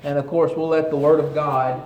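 A man preaching a sermon to his congregation, earnest and emphatic, with dramatic pauses. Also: fairly high pitch, level tone, lo-fi sound. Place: church sanctuary. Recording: roomy church with faint ambience.

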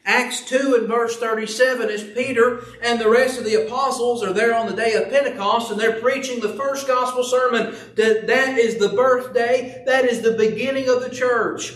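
A man with a high voice preaches a sermon, posing earnest rhetorical questions and reading scripture. He sounds set back from the microphone, and his voice rings around a church sanctuary. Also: steady tone, moderate pace, hardly any pauses, fairly bright tone, distant mic. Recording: echoey room, voice from off the mic.

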